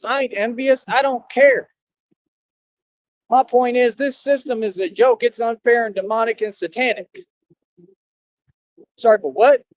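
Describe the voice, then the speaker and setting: Fired-up preachy man with a high voice. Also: no room sound. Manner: preachy, defiant, swings between shouting and low brooding. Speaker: livestreamer. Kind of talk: impassioned streamed rant. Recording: dry, dull lo-fi stream audio.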